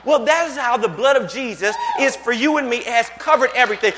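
Male pastor, sermon, high bright voice, call-and-response, long church reverb. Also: lively intonation, fast talker, hardly any pauses, a little hiss or hum. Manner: call-and-response, often asking "you got it?"; conversational, anecdotal preaching that builds to loud exhortation.

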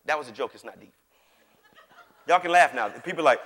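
Joking pastor preaching. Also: male voice, on the high side, big pitch swings, fairly quick, pauses often, fairly bright tone, a little hiss or hum. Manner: folksy, joking, calls for congregation responses. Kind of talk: sermon. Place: large church hall. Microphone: microphone on stage. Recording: long hall reverb.

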